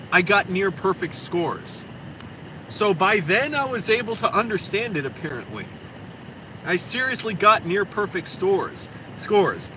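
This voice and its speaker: A man vlogging into his phone in a parked car, rambling and venting with plenty of swearing. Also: high-pitched. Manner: profane, rambling, quick to vent. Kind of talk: rambling casual monologue. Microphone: phone camera. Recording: noisy air conditioning hum.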